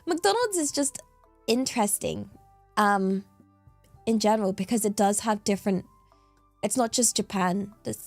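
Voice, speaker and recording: Answering viewers during a casual livestream, the British streamer speaks at a medium pitch with vocal fry and a slightly mellow tone. She's playful and giggly, her voice swooping up into squeals.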